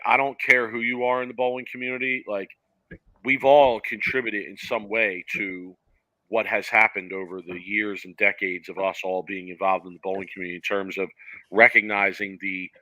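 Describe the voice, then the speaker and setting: Man, podcast host, emphatic and chatty, crisp bright tone, dry studio sound. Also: fairly low pitch, dry recording, rough recording. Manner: chatty, reads tweets aloud and opines emphatically. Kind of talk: live sports commentary chat.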